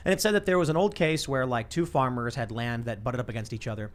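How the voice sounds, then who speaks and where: A man hosting a podcast panel, telling stories in a rambling, quick way with many restarts. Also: medium pitch. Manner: fast, rambling storytelling with restarts. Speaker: podcast host. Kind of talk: casual panel talk.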